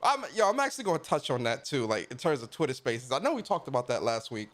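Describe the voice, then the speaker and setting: A man's voice: mid-range voice, fast talker. A man hosting a casual gaming livestream, greeting viewers by name in a laid-back, slangy way. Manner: laid-back slangy shout-outs, lively. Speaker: podcast host.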